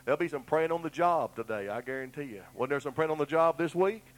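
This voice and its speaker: A man's voice: fairly high pitch, lively intonation, quick pace, low-quality recording. A middle-aged man, preaching a sermon in a folksy, earnest way and telling down-home stories. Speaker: pastor.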